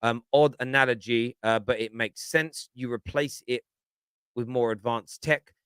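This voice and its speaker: With a mid-range, steady voice that is smooth and a bit bright, this British man talks football at a measured pace, free of echo. He's a fan-show pundit whose casual, opinionated rambling is full of repeated words, restarts and plenty of "do you know what I mean."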